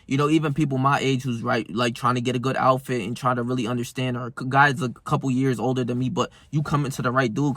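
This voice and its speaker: A man's voice: mid-range voice, fairly bright tone, no room sound. A young man telling stories in a casual, heated monologue, full of slang and cursing. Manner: profane, slangy, heated storytelling. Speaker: self-improvement vlogger.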